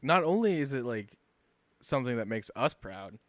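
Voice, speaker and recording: A man's voice: medium pitch, sing-song, moderate pace, a bit bright, dry recording. A young man co-hosting a casual podcast in a playful, showman-like way. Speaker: podcast co-host. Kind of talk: casual chat.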